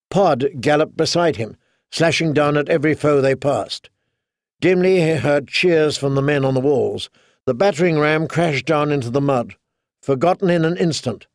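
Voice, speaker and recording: A man narrating an audiobook in steady, dramatic storytelling. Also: fairly high pitch, dry recording, clean studio sound. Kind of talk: scripted narration.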